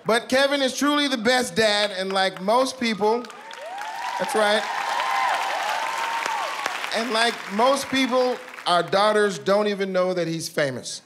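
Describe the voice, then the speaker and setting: A man's voice: high voice, measured pace, long pauses. Playful man roasting over a roaring crowd. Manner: playful, mock-shocked asides. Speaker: comedian stepping in at a roast. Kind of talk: stand-up roast delivery. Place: stage before a live audience. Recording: loud live crowd noise.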